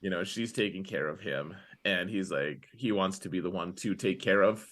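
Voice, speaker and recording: A young man co-hosting a podcast, rambling in casual chat and recounting scenes with quick quoted lines. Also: deep voice, a bit bright. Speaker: podcast co-host.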